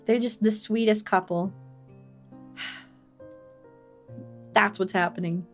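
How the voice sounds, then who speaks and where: A woman streamer reading a story game aloud and chatting, telling stories in an animated, expressive way. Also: medium pitch, drawn-out words, faint music behind.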